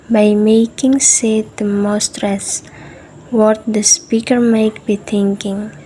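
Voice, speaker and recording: A woman's voice: mid-range voice, fairly even intonation, slow pace, dark tone, slight background noise, low-quality recording. A woman presenting a scripted pronunciation lesson, explaining rules with light asides to the listener. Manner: conversational teaching tone with asides to the listener. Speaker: student presenter.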